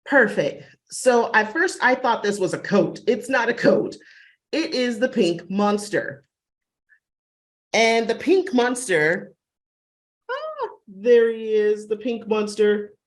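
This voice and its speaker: A woman's voice: a little high, very animated, takes it slowly, pauses often. A woman librarian giving a chatty, enthusiastic booktalk on a video call webinar. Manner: enthusiastic, chatty, acts out dog sounds.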